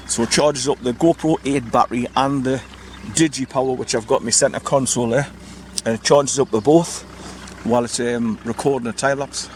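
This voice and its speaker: Guy chatting to the camera outside by his car, spells out place names, bit of noise behind. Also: medium pitch. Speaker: vlogger. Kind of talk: casual walking vlog narration. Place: outdoors beside a parked car in countryside.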